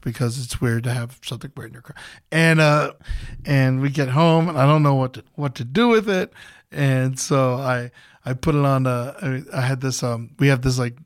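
A man's voice: medium pitch, smooth, dry recording, studio quality. A young adult man telling a long story in a loose, casual way, swearing freely and rambling through restarts. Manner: loose and profane, jumps into loud hype-man shouting when retelling. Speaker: podcast host.

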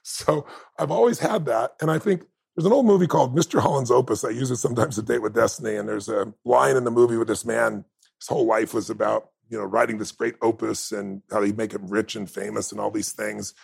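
Gravelly, husky, impassioned man. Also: on the low side, steady tone, a little fast. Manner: emotional, impassioned, emphatic. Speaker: interview guest. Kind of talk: heartfelt conversational storytelling.

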